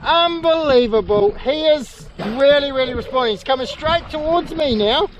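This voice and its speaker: A middle-aged man with a New Zealand accent, narrating an excited outdoor vlog from a kayak at sea and often calling out loudly. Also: very high voice, normal speed. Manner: excitable, exclaiming, calls out loudly. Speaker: kayak fishing host. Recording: wind and water noise.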